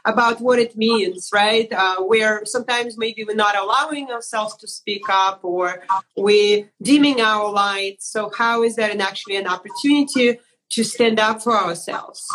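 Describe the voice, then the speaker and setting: A woman at a middle pitch hosts a conversation, warmly affirming what her guest has said. She thinks aloud as she talks, restarting her sentences and circling back to a point. Her delivery is loose and conversational. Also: measured pace, low-quality recording. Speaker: host. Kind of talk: interview conversation.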